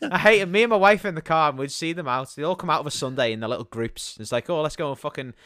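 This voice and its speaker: A man's voice: a little high, quick pace, bright, forceful tone, clear, resonant tone, no echo, studio quality. A man co-hosting a podcast, ranting and mocking in casual, heavily profane banter. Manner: ranting, mocking, swears constantly. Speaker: podcast co-host.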